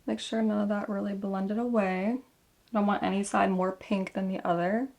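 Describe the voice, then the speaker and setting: A woman's voice: medium pitch, steady tone, normal speed, gravelly, darkish tone. A young woman vlogger chatting casually through a makeup tutorial, rambling and correcting herself as she goes.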